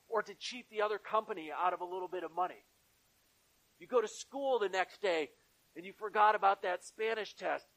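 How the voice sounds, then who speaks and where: A man with a high voice delivers a sermon in a church. His preaching is earnest and stacks up repeated phrases to drive each point home. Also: fairly bright tone, poor audio. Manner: earnest, repetitive preaching cadence. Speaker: pastor.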